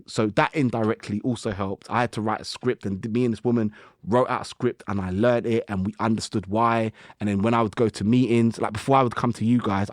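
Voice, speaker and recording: A man, a guest musician on a podcast, telling stories in lively slang and acting out his own inner voice. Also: lowish voice, dry recording, clean studio sound. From United Kingdom. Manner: animated storytelling with slang and acted-out self-talk. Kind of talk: casual podcast conversation.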